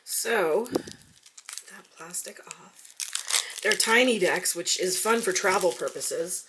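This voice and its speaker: A woman tarot reader casually flipping through a deck, softly murmuring each card's name in turn. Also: lowish voice, takes it slowly, background noise. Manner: soft-spoken, murmurs card names quietly one by one. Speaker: tarot reader reviewing decks.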